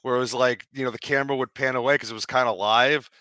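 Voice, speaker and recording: Male co-host, mid-pitched bright voice, stumbles over words while talking films. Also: fairly even intonation, fast talker, clear, resonant tone, no echo. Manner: film-buff talk with stumbling restarts. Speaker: podcast co-host. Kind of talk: casual chat.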